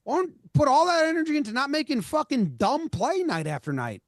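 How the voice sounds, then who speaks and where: A man's voice: very high voice, sing-song, a little fast, no room sound, studio quality. A man co-hosting a casual sports podcast, fired up and exasperated, swearing as he rants. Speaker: podcast co-host.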